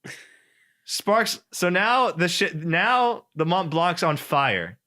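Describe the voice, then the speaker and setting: A man co-hosting a casual podcast chat, telling a story in an animated way and acting out quoted voices. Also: high voice, takes it slowly. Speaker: podcast co-host.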